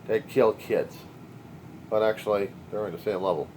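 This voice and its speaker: A man's voice: fairly low pitch, moderate pace, a little mellow, slight background noise. A man talking alone in a video diary, rambling in a sardonic, wisecracking way. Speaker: video diarist. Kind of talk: rambling personal monologue.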